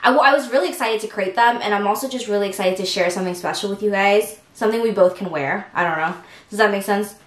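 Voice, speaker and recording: A young woman hosting an eating show, chatting excitedly with viewers between bites. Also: medium pitch, quick pace, roomy sound. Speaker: mukbang host. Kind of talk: casual eating-show chat.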